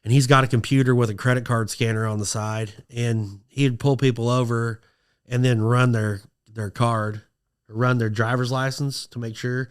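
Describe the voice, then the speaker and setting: A man chatting as a podcast guest, spinning a story with plenty of energy. His pitch sits in an ordinary middle range for a man. He slips into high, excited voices when he acts out what people said. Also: moderate pace, smooth. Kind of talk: casual storytelling.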